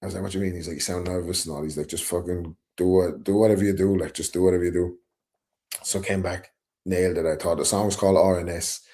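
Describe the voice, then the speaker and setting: A man's voice: deep voice, steady tone, fast talker, mellow. A middle-aged Irish man telling a story in a casual chat, acting out the quotes and swearing freely. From Ireland. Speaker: guest rapper.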